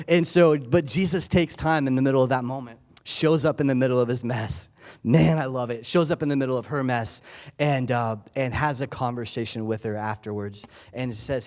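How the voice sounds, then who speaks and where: A man delivers a sermon in a loose, talkative style, slipping into playful voices for the people in his story. His voice sits in an ordinary middle range. Sometimes he jumps louder and higher, then falls back soft. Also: fairly quick. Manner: animated, conversational, acts out characters with bursts of loudness. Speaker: pastor. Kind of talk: sermon and on-stage interview. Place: church stage.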